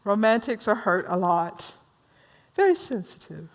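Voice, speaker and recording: A woman minister leading a workshop. She tells stories in an animated way, laughs easily and asks the audience questions. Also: medium pitch, takes it slowly. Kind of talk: storytelling workshop talk.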